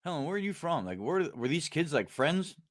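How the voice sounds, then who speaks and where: A man's voice: on the high side, sing-song, a little fast. Blunt, profane man chatting live. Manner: blunt and profane, many fillers and restarts; indignant, rising into outrage. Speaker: livestream host. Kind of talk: casual live chat with viewers.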